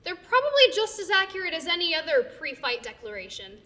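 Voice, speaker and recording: A woman's voice: very high voice, sing-song, fairly quick, pushed and bright. A woman narrating a stage comedy, giving wry, dry commentary.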